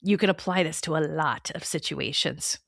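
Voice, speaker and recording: A woman's voice: sits low, moderate pace, gravelly, a bit bright, no room sound, clean studio sound. A middle-aged woman from Tulsa co-hosting a podcast, chatty and playful with a teasing streak. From Tulsa, Oklahoma, US. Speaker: podcast co-host. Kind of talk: casual podcast chat.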